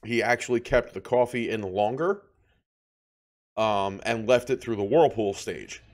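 A man's voice: on the low side, measured pace. A man co-hosting a casual beer review podcast, rambling through tasting descriptions. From New Jersey. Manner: relaxed, rambling descriptions with filler words. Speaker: podcast co-host.

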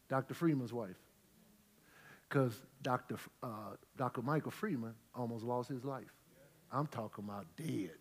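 A middle-aged male pastor preaching, swinging from quiet storytelling to loud, shouted praise. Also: mid-range voice, husky. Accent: St. Louis Black American Southern-tinged. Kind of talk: preaching a Bible study sermon. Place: church sanctuary with congregation.

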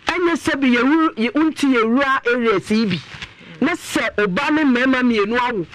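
A man's voice: very high voice, moderate pace, a little hiss or hum, rough recording. A man with a Ghanaian accent, talking animatedly and emphatically as a panelist on a radio talk show. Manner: animated, emphatic, rising into exclamations.

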